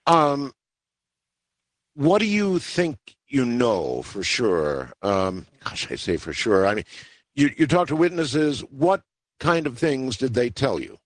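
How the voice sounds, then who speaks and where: A man's voice: mid-range voice, very animated, slow pace, no echo. A man hosting a radio interview, asking probing questions in a conversational way and often repeating words. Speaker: radio host.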